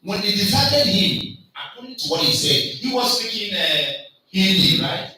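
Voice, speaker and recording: An African man giving a loud, emphatic motivational lecture at a conference, quizzing the audience with call-and-response questions. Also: high voice, big pitch swings, normal speed. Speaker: conference speaker. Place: large lecture hall. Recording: echoey hall, mic far off, faint noise.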